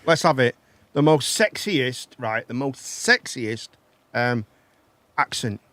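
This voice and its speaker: A man's voice: mid-range voice, very animated, slow, bright, forceful tone, no room sound. A man hosting a casual live chat stream from a home studio, joking around, reading the chat aloud and tripping over his words.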